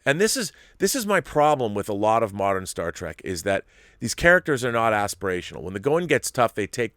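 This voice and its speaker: A man's voice: lowish voice, fairly bright tone, no room sound, clean studio sound. A man hosting a commentary show, ranting emphatically and animatedly about a series he dislikes. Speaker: host. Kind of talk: opinionated commentary.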